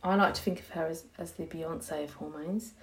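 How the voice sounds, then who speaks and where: A woman's voice: low-pitched, fairly even intonation, normal speed. A young woman hosting a podcast, chatting frankly and casually, laughing often. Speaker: podcast host, hypnobirthing teacher. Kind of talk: casual chat.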